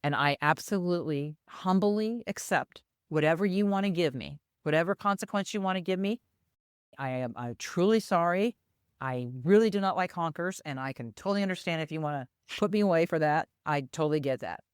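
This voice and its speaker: Older lady on a podcast telling a story, does the voices, smooth clear voice, dry close sound. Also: fairly low pitch, fairly quick, no room sound. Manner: animated storyteller who acts out quoted voices. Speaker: podcast co-host. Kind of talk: personal storytelling in a podcast chat.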